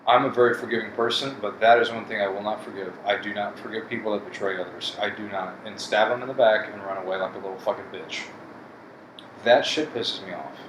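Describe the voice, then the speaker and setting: A man in a bitter, profane rant, with a somewhat low voice. He speaks bluntly to his viewers. The room rings with echo, and air conditioning hums steadily behind him. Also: steady tone, a little fast, noisy background. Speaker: vlogger. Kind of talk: casual monologue to camera.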